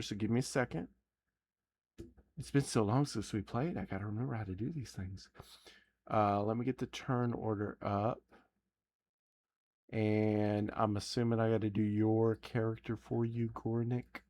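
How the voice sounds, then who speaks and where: A man running a tabletop game as dungeon master, narrating in a relaxed, rambling way and often correcting himself. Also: on the low side, a little slow.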